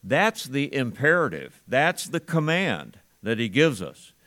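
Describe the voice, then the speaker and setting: Pastor preaching a morning sermon. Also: male voice, mid-range voice, sing-song, unhurried, pushed and bright. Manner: teaching verse by verse, with a chuckle now and then.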